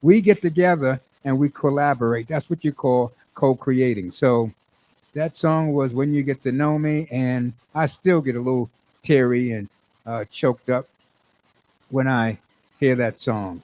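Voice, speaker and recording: A singer-songwriter speaks unhurriedly in a medium, slightly mellow voice, captured on a rough recording. His casual monologue wanders, with frequent restarts, repetition, and reenactments of what he said.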